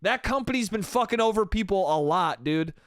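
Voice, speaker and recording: A man's voice: sits high, lively intonation, a little fast, no room sound, studio quality. A man hosting a solo comedy podcast, rambling casually and swearing, with "dude" and "bro" at the end of his sentences. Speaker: podcast host.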